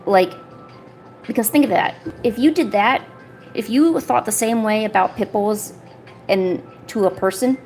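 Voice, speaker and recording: A woman's voice: medium pitch, measured pace, a little mellow, soft background music. A woman art streamer chatting casually while she works on a paper craft, rambling along and filling her talk with "you know" and "like".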